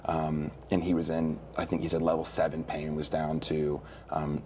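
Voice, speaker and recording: A young man with a very low, deep voice recounts a faith testimony as an interview guest. He talks earnestly and with animation, stumbling over restarts and repeated words, with a faint hiss of background noise. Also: completely flat delivery, normal speed, darkish tone. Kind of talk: animated storytelling in conversation.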